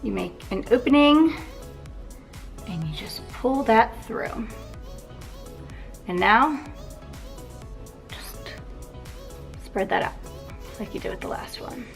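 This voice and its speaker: A young woman chatting casually through a hair tutorial, with filler words and quick asides. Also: fairly high pitch, lively intonation, gravelly, faint music behind. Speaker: beauty vlogger.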